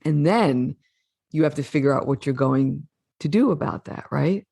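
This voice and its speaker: A woman's voice: sits low, animated, normal speed, creaky, dark tone, husky, no room sound, clean studio sound. A woman podcast host asking a guest questions and reflecting back on what she shared in a reassuring, affirming way. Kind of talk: interview conversation.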